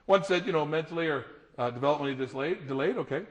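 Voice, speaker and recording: Middle-aged man, slightly high voice, motivational speaker, animated stage storytelling. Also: very fast, muffled recording. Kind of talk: live talk to an audience.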